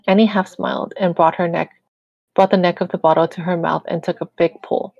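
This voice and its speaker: A woman reading a fan-fiction story aloud in a relaxed way, with small slips and restarts. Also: lowish voice, fairly quick, vocal fry, no room sound. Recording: dull lo-fi dry recording.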